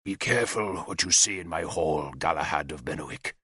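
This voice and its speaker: A man's voice: sits high, lively intonation, normal speed, creaky, breathy edge, dry recording, clean studio sound, voice pushed up, full character voice. Man doing a raging one-armed warlord king, Gorfethid. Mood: furious. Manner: shouting, snarling threats.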